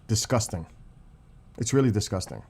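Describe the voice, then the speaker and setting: A man's voice: fairly low pitch, lively intonation, moderate pace, creaky, a little mellow, husky. A man delivering an angry, profane political rant as a channel host, repeating himself for emphasis and saying how upset he is. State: upset and livid.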